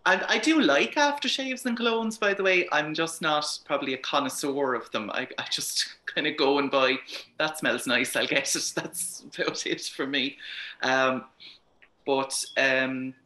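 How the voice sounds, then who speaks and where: A man's voice: fairly high pitch, bright, forceful tone. A man co-hosting a podcast, chatting casually with frequent laughs and fillers. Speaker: podcast co-host. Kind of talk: casual chat. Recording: roomy echo.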